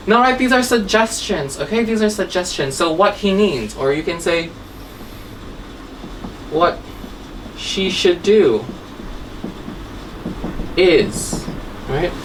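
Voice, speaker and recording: Woman teacher, distant mic, lively. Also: fairly low pitch. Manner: tags sentences with "right?" and "okay?". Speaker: English teacher. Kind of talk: online grammar lesson. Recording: distant mic with faint background noise.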